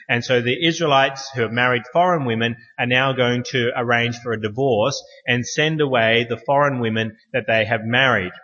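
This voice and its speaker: A man's voice: medium pitch, normal speed, few pauses, bright, forceful tone. A man preaching a sermon in an earnest, conversational way, telling stories from his own life. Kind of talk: sermon with opening prayer. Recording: echoey hall, dull lo-fi sound.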